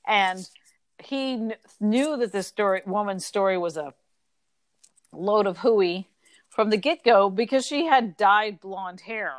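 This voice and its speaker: A young adult woman co-hosting a casual book chat, animated and full of fillers. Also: medium pitch, slow pace, no echo. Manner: chatty, animated, lots of fillers. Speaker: podcast co-host.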